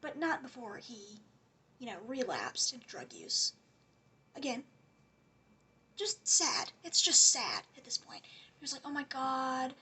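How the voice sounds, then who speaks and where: High, very breathy woman ranting. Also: wildly swooping pitch, a little slow, long pauses, pushed and bright. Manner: rambling and sarcastic, often dropping to a whisper. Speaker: commentary vlogger. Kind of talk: casual rant commentary.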